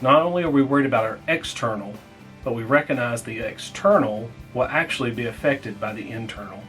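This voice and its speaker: A man's voice: medium pitch, fairly bright tone, soft background music, low-quality recording. Plainspoken male pastor teaching a lesson. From United States. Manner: plainspoken, repeats key lines slowly for note-taking. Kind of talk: small group Bible lesson.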